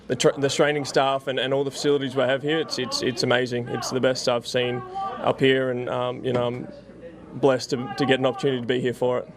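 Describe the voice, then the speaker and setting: A young Australian man speaks as a guest on a sports radio interview, with an Australian accent and a middle pitch. His delivery is flat and halting, full of fillers and restarts. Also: crowd noise. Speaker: football punter, interview guest.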